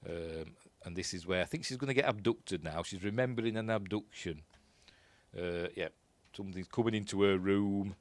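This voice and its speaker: Watching a film, a Yorkshire-accented man rambles through casual commentary as a reviewer, frequently sounding uncertain and laughing at his own asides. He speaks in a low-pitched voice at a moderate pace, and the recording is dry.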